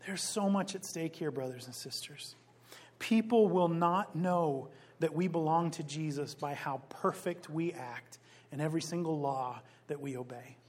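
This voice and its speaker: Male pastor, sermon delivery, slightly high voice, emphatic, slows hard on key phrases. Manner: rises loud on quoted scripture.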